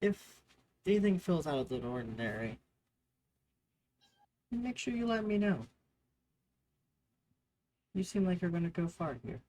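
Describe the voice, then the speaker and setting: A man doing a smooth, courteous male disciple. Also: sits high, lively intonation, a little slow, pauses often, a little mellow, voice pushed up.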